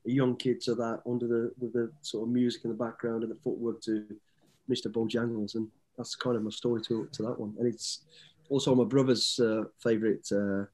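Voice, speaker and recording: A man's voice: medium pitch, little pitch movement, fairly quick, darkish tone. A man in his fifties, a guest telling easygoing, rambling stories with frequent restarts. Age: 50s. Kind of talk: casual storytelling interview.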